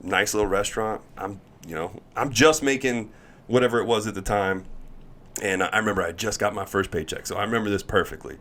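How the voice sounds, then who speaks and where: A man in his thirties, a former pitcher, telling a story in casual chat and acting out the other people's lines. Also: brisk. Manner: animated storyteller, acts out voices, laughs while talking. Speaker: former pro baseball pitcher, podcast guest.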